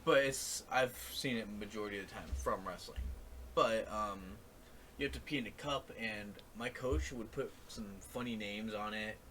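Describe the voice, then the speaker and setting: A young man in casual podcast chat, telling stories and getting loud and laughing as they build. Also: on the low side, moderate pace, slight background noise. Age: young adult. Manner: animated storyteller, gets loud and laughs while telling stories. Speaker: podcast co-host.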